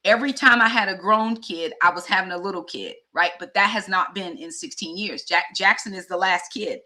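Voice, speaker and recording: A woman's voice: medium pitch, brisk, bright, forceful tone. A woman in her fifties talking candidly and heartfelt to her viewers in a personal vlog. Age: 50s. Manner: heartfelt, conversational, addresses viewers directly. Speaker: vlogger and teacher.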